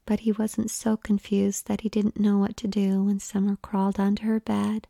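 A woman narrating an erotic story in an unhurried, hushed whisper. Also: medium pitch, completely flat delivery, vocal fry, no room sound, clean studio sound. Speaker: audiobook narrator.

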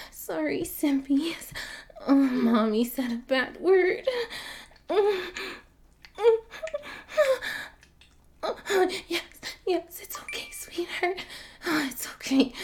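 A high-voiced young woman speaks in a whispered role-play, unhurried almost to a crawl. Her delivery is soft and breathy, padded with long murmured pauses. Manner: slow, soft and breathy, with many drawn-out murmurs.

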